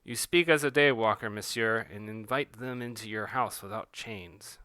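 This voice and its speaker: A man's voice: fairly low pitch, moderate pace, pushed and bright, smooth, no room sound. A man voicing a stern female religious enforcer, solemn and scriptural, speaking as if citing doctrine.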